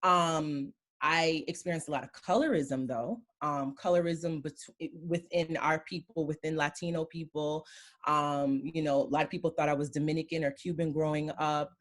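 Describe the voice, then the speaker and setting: A woman from Queens in her thirties recounts her experiences as a guest, speaking in a notably low register. She tells her stories by acting out the exchanges in a casual conversational way. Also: steady tone, moderate pace. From Queens, New York. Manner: storytelling, acting out quoted exchanges.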